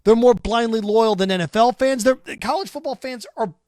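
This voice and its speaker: A man's voice: very high-pitched, a little fast, darkish tone, no echo, clean studio sound. A man hosting a sports talk show, ranting sarcastically and mocking imagined fans. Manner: combative, sarcastic, mocks imagined callers in put-on voices. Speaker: sports radio host. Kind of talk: opinionated sports talk monologue.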